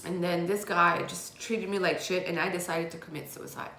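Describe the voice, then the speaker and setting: A woman's voice: lowish voice, steady tone, moderate pace, pushed and bright, a little hiss or hum. A woman telling her own hard life story in a candid, raw way, with blunt swearing, as a confessional vlog. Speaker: vlogger. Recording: roomy echo.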